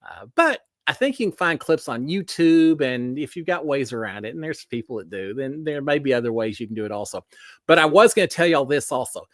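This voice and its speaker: A man's voice: medium pitch, animated, fairly quick, fairly bright tone, no room sound, clean studio sound. Folksy man hosting a livestream. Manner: folksy, greets viewers by name, many fillers. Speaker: livestream host. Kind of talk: casual livestream chat.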